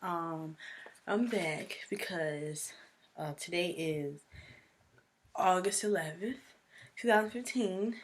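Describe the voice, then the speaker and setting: A young woman vlogging casually, telling a personal story in a chatty, animated way. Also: on the low side, slow pace, pauses often.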